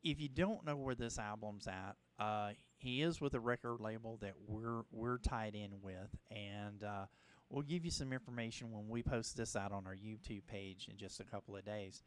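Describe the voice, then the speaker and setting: A man's voice: on the low side, clean tone. Rambling man hosting a radio show. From Louisiana. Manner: rambling, halting, with restarts. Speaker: host. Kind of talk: casual radio interview. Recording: radio broadcast.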